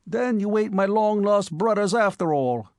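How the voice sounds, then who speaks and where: A man's voice: mid-range voice, very animated, slow pace, breathy edge, dry recording, studio quality, heavily acted. A man voicing a ragged, cocky young male street tough in a storybook reading. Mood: cheeky. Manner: cocky, slangy.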